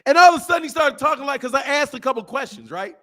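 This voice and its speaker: A man runs a boxing channel, speaking fast in an extremely high-pitched voice. His commentary to the camera is casual, animated and slangy, with laughter throughout, captured on the camera mic.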